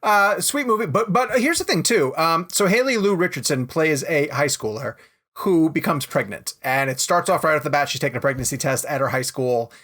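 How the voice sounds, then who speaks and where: A man hosting a casual movie podcast, telling long rambling stories in an animated way. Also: a little high, a little fast. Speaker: podcast host.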